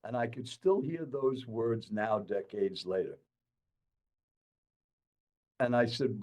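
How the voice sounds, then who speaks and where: A man's voice: mid-range voice, takes it slowly, long pauses, low-quality recording. An older man, a professional speaker, telling a story from his own life as a podcast guest and speaking straight to the listener. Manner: animated storyteller who addresses the listener directly. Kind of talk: storytelling in conversation.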